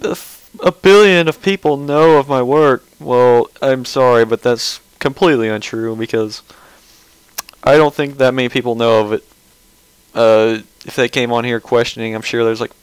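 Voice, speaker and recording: A man's voice: medium pitch, clear, resonant tone, dry recording, rough recording. A man giving casual, rambling commentary on a webcomic page, mocking and sarcastic, often restarting his sentences.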